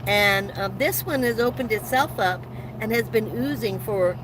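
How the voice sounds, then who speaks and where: There's background noise as this woman, her voice fairly high and her pace normal, chats live from her van. She keeps restarting her rambling stories and laughing along the way.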